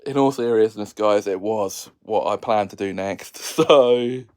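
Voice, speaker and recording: A man's voice: on the low side, a little slow, a little mellow. A man hosting a casual solo video, jokey and sarcastic, laughing often between lines. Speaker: video host.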